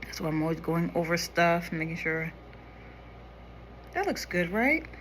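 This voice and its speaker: Bright-voiced woman chatting through makeup. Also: on the low side, sing-song, unhurried, a little hiss or hum. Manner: chatty, talks to viewers while applying makeup, drops quieter when concentrating. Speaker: makeup vlogger. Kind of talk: casual makeup tutorial chat.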